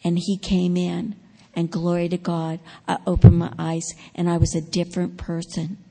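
A woman gives a sermon testimony in a big hall, and her voice trails off into a long reverb. She tells her story dramatically and swells loud at the key moments. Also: fairly low pitch, completely flat delivery, moderate pace, gravelly. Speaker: preacher.

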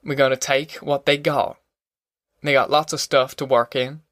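A man voicing a proud, stubborn farmer father in an audiobook, dignified and quick to anger, with a drawl. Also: medium pitch, level tone, fairly bright tone, no room sound, clean studio sound, close to an everyday voice. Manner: dignified, stubborn, flaring angry.

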